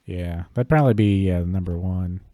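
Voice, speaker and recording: A man with a mellow, somewhat low voice talks casually on a podcast, rambling through his thoughts with plenty of fillers. The sound is dry and close, with no room around it. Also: normal speed, dry recording. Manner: relaxed, rambling, many fillers and hedges. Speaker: podcast co-host. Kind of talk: casual chat about collectible cards.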